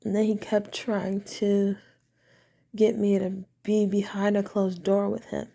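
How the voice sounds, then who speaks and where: Recorded in her bedroom at home, a woman vlogger shares a personal story in a mid-range, monotone, unhurried voice with vocal fry and a dark tone. Her telling is casual and meandering, frequently trailing off and starting over.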